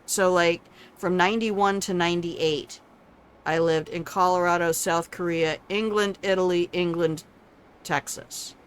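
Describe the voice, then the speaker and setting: A woman's voice: lowish voice, slight background noise. Older woman streamer, salty and teasing. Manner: salty, swearing, teasing banter with chat. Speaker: gaming streamer. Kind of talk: casual gameplay commentary.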